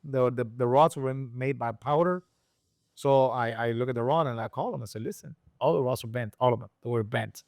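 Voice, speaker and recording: A man from Rico, a guest and engine builder telling a story in a casual interview, acting out the people he quotes with sudden high voices. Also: brisk, gravelly, dry recording, studio quality. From Puerto Rico. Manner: animated storyteller who acts out quoted people with jumps in pitch.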